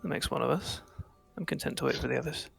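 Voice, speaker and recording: A man taking part as a player in a tabletop role-playing game, with quick, dry, laconic remarks. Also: fairly high pitch, creaky, fairly bright tone, breathy edge, soft background music. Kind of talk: in-character tabletop play.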